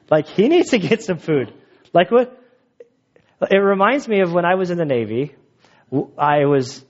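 Animated storytelling preacher, a man. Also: on the high side, dull audio. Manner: animated, jokey storyteller who laughs at his own stories. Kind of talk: sermon with personal storytelling.

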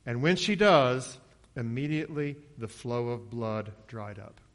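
A man's voice: animated, unhurried. A man preaching an expository sermon in a conversational way, acting out the quoted lines in a lifted voice. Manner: conversational, acts out quotes with raised pitch.

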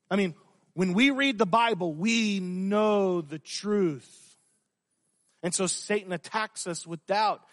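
A male pastor with a high, slightly bright voice preaches a sermon in a church, speaking emphatically and firing rhetorical questions at his congregation. The recording carries a long hall reverb.

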